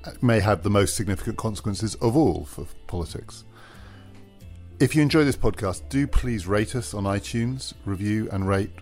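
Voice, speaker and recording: Deep-voiced man hosting a podcast. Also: lively intonation, moderate pace, a little mellow, faint music behind. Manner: thoughtful, hedging with "I mean". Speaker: podcast host. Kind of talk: panel discussion and sign-off.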